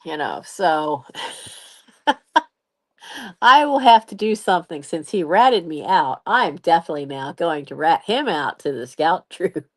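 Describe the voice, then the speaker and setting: A woman's voice: sits low, a little slow. A woman in her late fifties telling a story in a casual live stream, laughing often and acting out what other people said. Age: 50s. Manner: animated, laughs often, acts out others' voices. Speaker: channel host.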